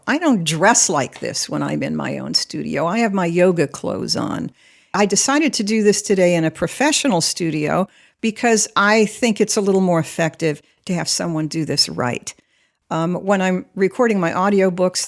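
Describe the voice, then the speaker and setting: A middle-aged American woman, an audiobook narrator, talking informally and upbeat in a professional studio. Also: fairly low pitch. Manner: chatty, upbeat, explaining. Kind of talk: informal talk to camera.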